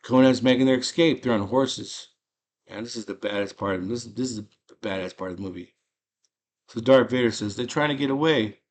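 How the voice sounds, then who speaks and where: A man's voice: mid-range voice, steady tone, brisk, a little mellow. A man casually recapping a movie in slangy, enthusiastic storytelling. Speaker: movie channel host.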